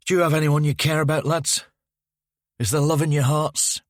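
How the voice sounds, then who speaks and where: A man voicing a haunted male detective who speaks in a low, close and dryly sardonic way. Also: fairly even intonation, moderate pace, dry recording, natural voice. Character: haunted adult male detective, wry and calm.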